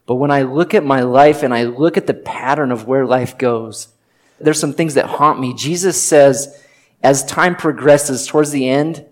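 Middle-aged man, pastor, sermon, earnest personal stories, conversational, light jokes, mid-pitched voice. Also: unhurried. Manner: joking asides.

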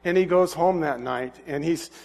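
A man's voice: on the high side, normal speed, darkish tone. A man preaching, casually retelling a story and acting out its scenes. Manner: casual, acts out scenes with filler words. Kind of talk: animated sermon storytelling.

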